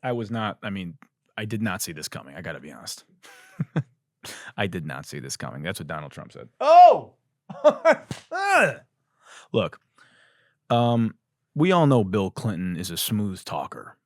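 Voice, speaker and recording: A male comedy podcast host riffs through a mocking satirical rant. His low voice swings widely in pitch. The sound is dry and close. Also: very animated, normal speed, no room sound. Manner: ranting, mocking, shouts and laughs.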